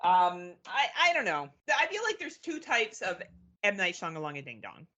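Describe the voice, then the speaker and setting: A woman from Canada co-hosts a movie review podcast, talking in a casual, frank and profane way. Her voice sits a little low but sounds very bright and forward. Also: sing-song, moderate pace. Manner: frank, profane, laughs often. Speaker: podcast co-host. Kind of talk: casual chat.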